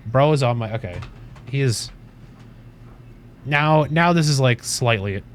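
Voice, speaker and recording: A man's voice: mid-range voice, unhurried, slight background noise. A man hosting a casual livestream from his desk at home, rambling, swearing offhandedly and cooing at his cat. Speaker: livestream host.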